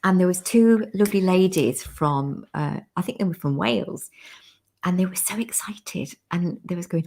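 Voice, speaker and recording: Speaking at a moderate pace in a fairly low, creaky, slightly mellow voice, a woman hosts a casual video-call interview. She spins chatty anecdotes, breaks into laughter, and voices the people in her stories.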